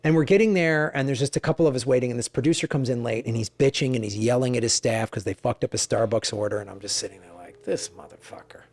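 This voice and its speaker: A middle-aged man, a guest comedian, telling stories in conversation, animated and profane, acting out the dialogue. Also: mid-range voice, fast talker, hardly any pauses, no echo. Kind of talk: conversational storytelling.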